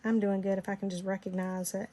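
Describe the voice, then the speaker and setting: A middle-aged woman from Florida with a Southern Georgia accent leads a casual screen-recorded design tutorial, talking fast in a warm, medium-pitched voice with little pitch movement. She's chatty, rambles, and laughs easily.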